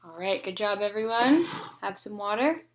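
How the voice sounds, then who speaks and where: A woman leading a group speech therapy session over a video call, giving patient step-by-step instructions and holding long, loud vowels. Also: mid-range voice, animated, moderate pace, slight background noise. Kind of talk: guided voice exercise session.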